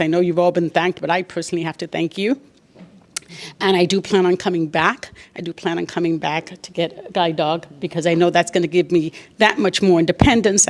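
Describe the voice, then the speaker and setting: Heartfelt woman speaking at a ceremony. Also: lowish voice. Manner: heartfelt, voice catching with emotion. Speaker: graduating client. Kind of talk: emotional thank-you speech. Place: ceremony on a campus.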